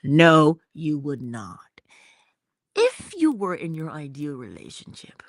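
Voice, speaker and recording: A woman's voice: deep voice, wildly swooping pitch, slow. A woman giving a motivational talk in a playful, theatrical manner. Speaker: inspirational speaker.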